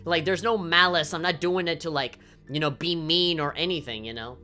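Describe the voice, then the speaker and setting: A woman's voice: sits low, normal speed, sharp tone. A woman game streamer ranting on a livestream, swearing often and heated, with lots of fillers.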